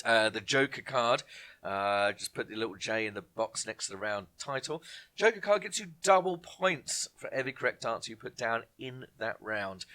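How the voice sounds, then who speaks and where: A quiz host with a lowish yet bright, forceful voice runs a casual online live-stream quiz. He reads every question slowly and twice, slipping chatty jokes in between.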